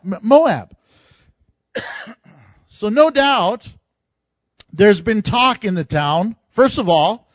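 A man's voice: high voice, no room sound. A man preaching a sermon in a conversational way, chuckling now and then as he explains scripture to his congregation. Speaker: pastor. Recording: dull lo-fi dry recording.

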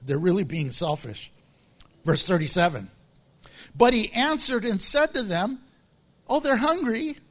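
A man preaching a sermon, animated and humorous, acting out little scenes in different voices and laughing often. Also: a little slow, long pauses. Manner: animated, acts out voices with big pitch swings. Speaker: pastor.

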